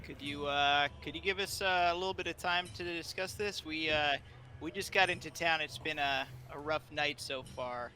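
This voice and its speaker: A man's voice: fairly high pitch, normal speed, sharp tone, slight background noise. A man playing a tabletop game, chatty and joking, pointing out the rules. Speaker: player. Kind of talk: casual tabletop play.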